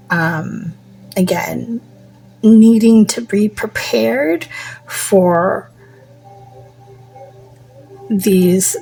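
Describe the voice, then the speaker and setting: A woman giving a casual tarot reading, musing slowly, trailing off with fillers and slipping into soft near-whispers. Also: fairly low pitch, creaky, low-quality recording. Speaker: tarot reader.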